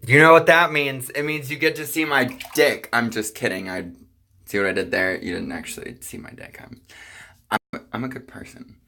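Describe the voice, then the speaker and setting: A young man vlogging casually, telling a personal story with profane jokes and quick asides. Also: mid-range voice, vocal fry, pushed and bright.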